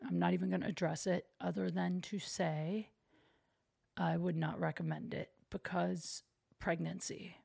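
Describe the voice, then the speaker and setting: A woman's voice: lowish voice, lively intonation, unhurried, creaky, darkish tone, breathy edge. Young woman, solo podcast host, casual rambling chat, self-mocking. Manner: chatty, self-deprecating, lots of "like". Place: her apartment.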